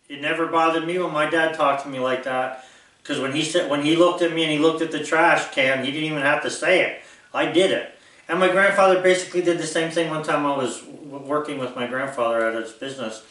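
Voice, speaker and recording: A man's voice: a little high, a bit bright. A man in his sixties from the United States, talking bluntly and rambling as he lectures his viewers in an unscripted monologue. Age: 60s. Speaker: vlogger. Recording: very echoey room, distant mic.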